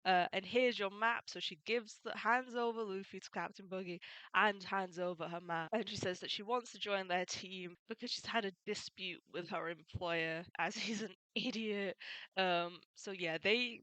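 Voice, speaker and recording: A woman's voice: medium pitch, moderate pace, fairly bright tone, clear, resonant tone, no echo, rough recording. A woman chatting casually as she recaps a comic, laughing often and using many fillers. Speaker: video creator summarizing a manga. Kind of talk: casual spoken summary.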